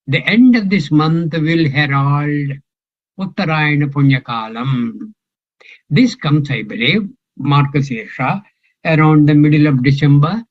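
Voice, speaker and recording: A man's voice: fairly high pitch, lo-fi sound. An older man teaching a scripture class, talking in a musing way and quizzing his students. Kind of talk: scripture class, question and answer.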